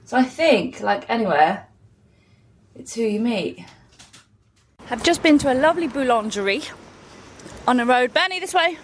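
A woman's voice: a little high, lively intonation, moderate pace, long pauses, breathy edge. A woman, talking casually to camera as she walks through city streets, chatty and blunt with plenty of swearing. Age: 40s. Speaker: travel vlogger. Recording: phone audio with traffic noise. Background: street traffic.

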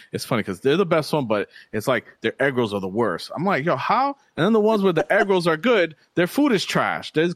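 A young man, chatting casually and swearing freely as he rambles through a story. He plays out the people he quotes, and his voice sits at a middling pitch. The sound is dry and close, with no room echo. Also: a bit bright. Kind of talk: casual chat.

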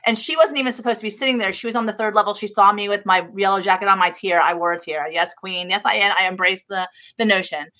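Middle-aged woman guest, bright, sharp voice, lively storytelling, trips over her words a lot. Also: mid-range voice, fast talker, few pauses. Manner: expressive, animated storyteller with many restarts. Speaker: guest, author. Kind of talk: storytelling in a live-streamed interview.

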